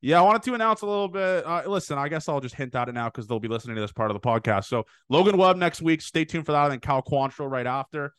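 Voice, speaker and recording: A man hosting a casual podcast over a video call, excitable and swearing freely as he hypes up his guest. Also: a little high, quick pace, hardly any pauses, clean tone, no room sound. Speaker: podcast host. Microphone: remote call microphone.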